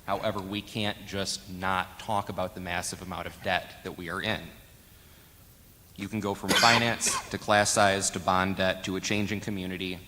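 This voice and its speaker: A man answering as a school board candidate at a public forum, measured and emphatic, repeating phrases for stress. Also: sits low, little pitch movement, very noisy. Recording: long hall reverb.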